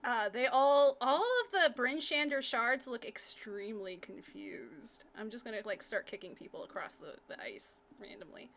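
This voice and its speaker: Bright, high-voiced woman game master. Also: normal speed, few pauses. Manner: excitable, laughing storyteller. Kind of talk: narrating a live tabletop game.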